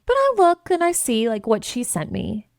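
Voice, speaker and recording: Fairly high voiced woman host telling a story, lively, cusses a lot, acts out the dialogue, dry close sound. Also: moderate pace, no echo. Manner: animated and expressive, swears freely, acts out dialogue. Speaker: podcast host and business coach. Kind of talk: candid storytelling monologue.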